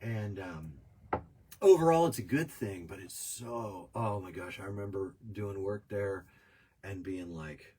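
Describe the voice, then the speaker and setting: A man's voice: deep voice, unhurried, warm tone, husky. A man in his fifties talking casually on a podcast, telling rambling, reflective stories. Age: 50s. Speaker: podcast host. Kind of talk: casual conversation.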